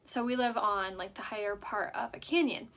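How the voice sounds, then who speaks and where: A woman's voice: mid-range voice, moderate pace, fairly bright tone. A young woman from San Diego hosting a casual makeup livestream at home, rambling in chatty talk full of "like" fillers. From San Diego, California.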